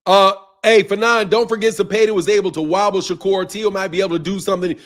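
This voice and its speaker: A man's voice: high-pitched, fast talker. A man hosting a boxing live stream, reading chat aloud in a rambling, profane way and laughing often. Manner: animated and rambling, laughs often, swears freely.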